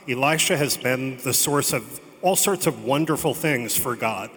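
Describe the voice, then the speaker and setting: Male preacher, bright and forceful tone, chatty storyteller with wry asides; church hall with a long echo. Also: medium pitch, moderate pace. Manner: conversational storytelling with joking asides. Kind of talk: sermon. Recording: long reverb of a large hall.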